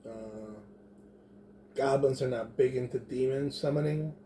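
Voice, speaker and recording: A man thinks through his moves in a tabletop game, talking slowly in a mellow, dark voice. He plans aloud with pauses and fillers. A faint hum sits behind him. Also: medium pitch, steady tone. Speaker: player.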